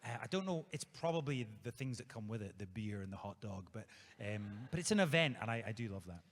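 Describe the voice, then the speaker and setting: Easygoing Scottish man, low voice. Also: expressive, a little fast. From Scotland. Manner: easygoing and playful, rambling with many fillers and restarts. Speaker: guest author at a live book event. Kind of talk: live on-stage Q&A chat. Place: theatre stage before an audience. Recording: long hall reverb from a live venue.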